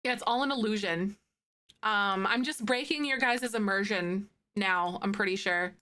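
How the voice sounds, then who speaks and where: A woman's voice: medium pitch, normal speed, pushed and bright. A woman in her thirties chatting casually with live viewers on her stream, bubbly and giggly, gushing over things she loves. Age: 30s. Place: home streaming setup with green screen.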